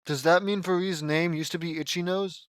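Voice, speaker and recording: A man with a somewhat high voice reads fan fiction aloud and keeps stopping to tear into it with sarcastic, exasperated, swearing asides. He sometimes drifts into mumbling and repeats phrases under his breath. The sound is dry, with no room echo. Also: steady tone, moderate pace, clear, resonant tone. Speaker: fan fiction reader and commentator. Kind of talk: mocking read-along of fan fiction.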